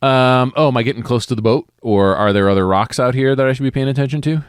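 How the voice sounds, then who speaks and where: A man's voice: mid-range voice, fast talker, clear, resonant tone, dry recording, clean studio sound. A man playing a tabletop role-playing game, stammering and laughing as he answers in character. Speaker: player.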